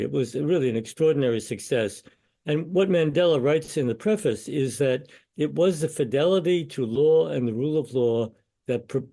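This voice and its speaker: An older man, a law professor, answering interview questions in a measured, storytelling way. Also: mid-range voice, dark tone.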